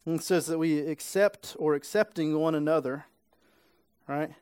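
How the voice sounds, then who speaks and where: A man's voice: a little high, normal speed, darkish tone, smooth, dry recording. Man, pastor, conversational sermon, frequent tag questions, dry close mic. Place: church sanctuary.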